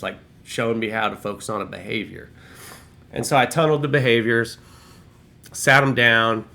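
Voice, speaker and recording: A man's voice: medium pitch, vocal fry, a bit bright. A middle-aged man telling a long workplace story in a casual, rambling, profane way, with lots of restarts. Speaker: former restaurant shift manager telling a story.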